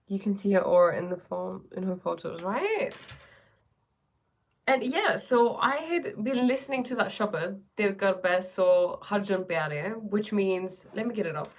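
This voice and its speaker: A woman chatting casually on a livestream, rambling with many fillers and reading viewer comments aloud. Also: medium pitch. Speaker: livestream host.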